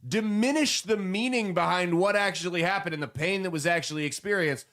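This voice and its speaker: A man hosting a political commentary show, animated and sarcastic, mocking the people he quotes. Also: high-pitched, brisk. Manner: animated, sarcastic, mocking voices when quoting.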